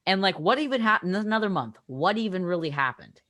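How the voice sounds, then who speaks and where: A man's voice: sits high, lively intonation, fairly quick, sharp tone, dry recording, studio quality. A teenage boy hosting a casual podcast chat, steering topics with many fillers. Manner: leads the talk, many fillers. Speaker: podcast host.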